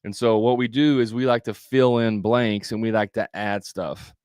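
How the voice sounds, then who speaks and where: Male sales coach, low voice, conversational live-training delivery with restarts. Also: steady tone, moderate pace, a little mellow, clean tone, no room sound, clean studio sound. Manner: conversational, repetitive, with fillers and restarts.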